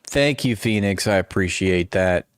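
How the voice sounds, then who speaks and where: Low-voiced and a little slow, this man in his forties hosts a livestream with rambling, self-deprecating small talk and many restarts. His tone is clear and resonant, and the dry, studio-quality audio comes through noise-canceling headphones.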